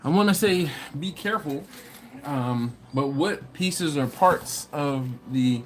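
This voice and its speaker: A man's voice: on the high side, slow pace, a little hiss or hum. A man hosting a barbecue live stream, chatting casually and reading viewer comments aloud. He is laid-back and slangy, laughs often, and has a runny nose and a cough.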